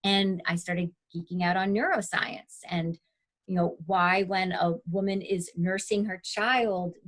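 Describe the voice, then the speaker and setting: A woman in her forties, a teacher and author as guest, telling stories in an animated way and acting out her own thoughts. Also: lowish voice, measured pace. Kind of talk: casual interview storytelling.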